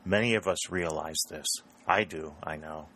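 A man voicing a proud, pale young woman who is cool and guarded, in a measured, reserved way in a read-aloud story. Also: rumbling low, fairly bright tone. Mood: subdued.

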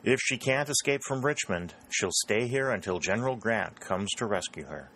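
A man voicing a fierce, sharp-tongued little old maid who talks hastily and emphatically in a read-aloud story. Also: lowish voice, expressive, moderate pace. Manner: hasty, emphatic.

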